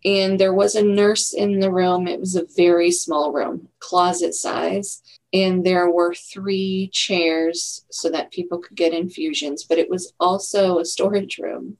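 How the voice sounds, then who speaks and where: A middle-aged woman with a lowish pitch and a gravelly edge of vocal fry. She tells her own story in a candid, reflective way, the way a guest does in a relaxed interview. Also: a little slow, low-quality recording. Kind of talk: casual interview chat.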